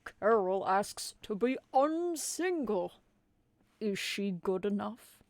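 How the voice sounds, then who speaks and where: A woman voicing a blunt, booming old Santa in a comic storybook reading. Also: lively intonation, slow, a little mellow, dry recording. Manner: booming, broken English.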